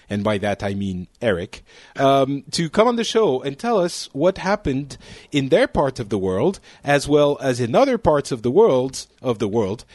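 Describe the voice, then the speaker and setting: A man hosts a casual talk show in a rambling, joking way, stopping to correct himself as he goes. His voice sits at an ordinary middle pitch, and the sound is dry and close with no room echo. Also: darkish tone. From France. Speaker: podcast host. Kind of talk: casual chat.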